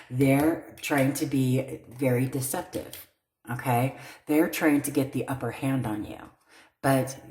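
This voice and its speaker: A woman's voice: very deep voice, a little mellow, reverberant. A woman giving a tarot card reading, blunt and emphatic, often checking in with "okay?". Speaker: tarot reader.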